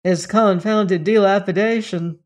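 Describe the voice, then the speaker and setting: A narrator voicing a good-tempered young gentleman who answers with frivolous, dry wit, read as a character in an audiobook. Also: medium pitch, fairly even intonation, close to an everyday voice. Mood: wry. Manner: frivolous, dry and quick-witted.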